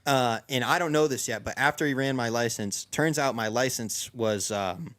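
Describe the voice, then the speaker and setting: A man's voice: mid-range voice, moderate pace, fairly bright tone. A young man casually telling a long story among friends, rambling with lots of restarts and fillers. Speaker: podcast co-host.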